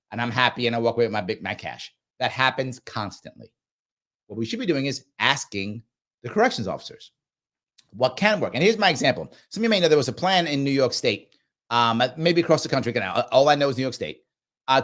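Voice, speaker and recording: A man's voice: medium pitch, fairly quick. A man hosting a live reaction show, talking emphatically and acting out people in quotes as he comments. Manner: animated, acts out voices in quotes; emphatic and repetitive. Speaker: host reacting to a clip.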